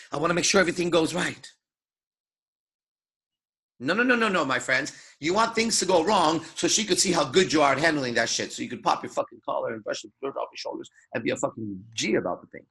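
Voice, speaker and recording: A man's voice: fairly high pitch, lively intonation, quick pace, vocal fry, sharp tone, husky. A man coaching seduction in a crude, emphatic lecture, swearing constantly and acting out his own thoughts. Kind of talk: profane motivational lecture.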